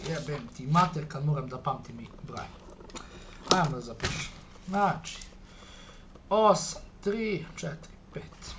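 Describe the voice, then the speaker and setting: Excitable swearing Serbian gamer guy. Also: on the high side, normal speed, long pauses, a little hiss or hum. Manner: excitable, swearing, reads game lines aloud. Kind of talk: let's play commentary.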